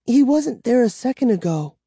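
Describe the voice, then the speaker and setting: Male reader putting on a scared young girl, high, breathless voice, storybook character. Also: big pitch swings, normal speed, gravelly, mellow, husky, dry recording, studio quality, heavily acted. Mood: frightened. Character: frightened young girl companion.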